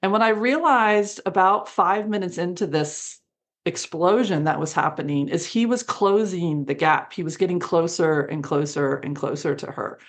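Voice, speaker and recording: A woman's voice: fairly low pitch, normal speed. A woman guest in an interview, telling a story animatedly and acting out the dialogue. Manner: animated, acts out quoted dialogue with laughs.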